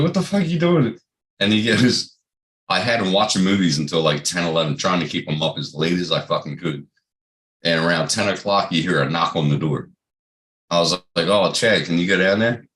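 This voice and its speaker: A man's voice: sits low, fairly bright tone. A middle-aged man and father telling funny stories in casual chat, swearing often and laughing. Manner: profane, laughing storyteller.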